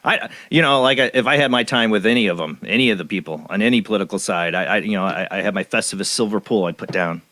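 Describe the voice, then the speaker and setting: A man's voice: fairly low pitch, fast, hardly any pauses, bright, forceful tone. A man from the United States, the host of the show, chatting casually and bluntly with joking asides and stammered restarts. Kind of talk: casual interview chat.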